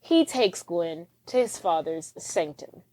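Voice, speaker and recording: Animated woman recapping a movie. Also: fairly low pitch, slow pace. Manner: animated retelling, acting out characters with profanity. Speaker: podcast co-host. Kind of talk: casual movie recap chat.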